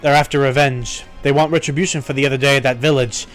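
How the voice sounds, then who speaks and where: A man's voice: medium pitch, steady tone, fast, faint music behind, natural voice. A man voicing a headstrong young male mercenary who talks bluntly and tersely. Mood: blunt, angry. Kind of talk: voicing game dialogue.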